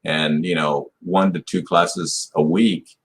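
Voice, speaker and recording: A man's voice: extremely low pitch, fairly even intonation, takes it slowly. Older man rambling through a story. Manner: rambling retelling, full of "you know" and restarts. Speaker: podcast guest, martial arts black belt. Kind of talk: storytelling in a podcast interview.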